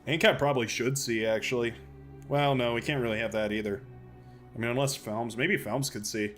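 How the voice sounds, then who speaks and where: A man streaming a strategy game live, chatting and thinking aloud excitably as he plays. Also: medium pitch, fairly quick, faint music behind.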